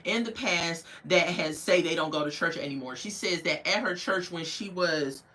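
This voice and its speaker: A woman's voice: lowish voice, moderate pace, pushed and bright, low-quality recording. A woman recapping a reality TV episode in casual chat, telling it as a story and acting out the people she quotes with playful asides.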